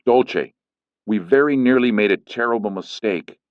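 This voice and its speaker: Man voicing a firm man, measured, defensive, dry lo-fi sound. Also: lowish voice, no room sound, voice pushed up, natural voice. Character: firm middle-aged man, a lawyer. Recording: dull lo-fi recording.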